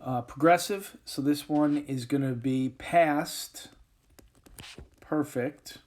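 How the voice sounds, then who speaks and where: A man records an English grammar lesson at a whiteboard, explaining step by step amid frequent pauses and fillers. His voice is slightly high and a little mellow.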